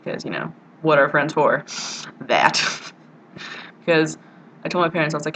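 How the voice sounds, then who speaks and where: A woman's voice: low voice, very animated, quick pace, gravelly, long pauses, fairly bright tone, slight background noise, poor audio. A young woman from the United States, chatting casually in a rambling, giggly video diary to a friend. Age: young adult. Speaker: vlogger.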